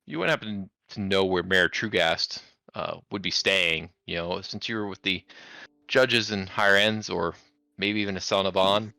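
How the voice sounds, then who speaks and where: A man's voice: deep voice, fairly even intonation, normal speed, vocal fry, sharp tone, no room sound. A man playing a tabletop game, polite and apologetic, stumbling over names. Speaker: player. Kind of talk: tabletop role-play.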